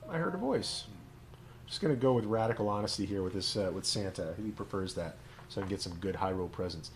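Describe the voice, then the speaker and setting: A man's voice: deep voice, fairly even intonation, fast, a little hiss or hum. A man, a rabbi hosting a game stream, who chats with playful, joking asides while he plays. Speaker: rabbi and host. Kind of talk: let's play commentary.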